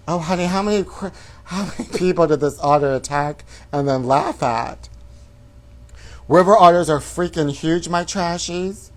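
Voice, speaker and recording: A man hosting a celebrity gossip show, reading tabloid stories with flamboyant, theatrical asides and calling his viewers honey. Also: on the high side. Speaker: host. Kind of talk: campy celebrity gossip commentary.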